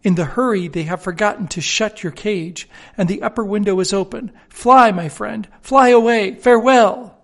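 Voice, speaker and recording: A man's voice: sits high, fairly quick, few pauses. A man voicing a homesick canary bird that speaks in a dreamy, poetic, yearning way. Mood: urging.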